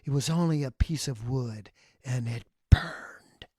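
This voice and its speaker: A brooding fallen angel, proud and half mad, as a male storyteller puts him on. He speaks low and mutters, sliding into whispers, and the voice sits well below the narrator's own. The sound is close and dry. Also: unhurried, warm tone, husky, dry recording. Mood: raving.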